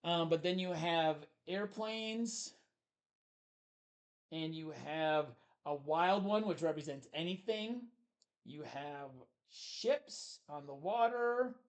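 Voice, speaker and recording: A man's voice: on the high side, slow. Enthusiastic man reviewing a board game. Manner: enthusiastic, rambling with fillers. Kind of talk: casual review chat.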